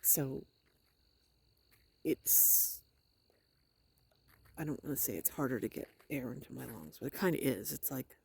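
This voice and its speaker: Woman, middle-aged, hoarse, gravelly, husky, hesitant, rambling, wry, video diary. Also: a bass voice, animated, a little slow, pauses often, warm tone. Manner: hesitant, rambling, many fillers. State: hoarse, sore throat. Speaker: vlogger. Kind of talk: casual personal video diary.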